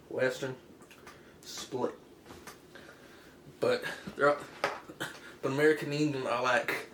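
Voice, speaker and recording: A man's voice: medium pitch, echoey room, a little hiss or hum. A man giving a casual comedic explainer with pirate slang, rambling and correcting himself offhandedly. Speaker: comic history explainer.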